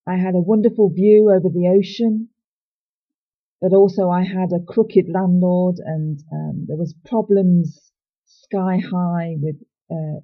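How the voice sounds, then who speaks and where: A woman's voice: on the low side, slightly rough, dull audio. A woman sharing a personal faith testimony in an earnest, reflective and candid way.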